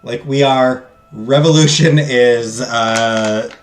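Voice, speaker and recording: A man streams a text game, reading the narration aloud at a slow pace in a medium-pitched voice. He tosses jokey, self-deprecating asides to his chat between passages, let's-play style. The recording has a roomy echo with faint game music underneath.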